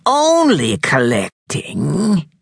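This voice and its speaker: A man's voice: fairly high pitch, huge pitch swings, very slow, creaky, husky, no echo, studio quality, voice pushed up, full character voice. A man putting on a harsh old witch. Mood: sneering. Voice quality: harsh grating voice. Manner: mocking, sneering. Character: greedy creased old witch woman, menacing.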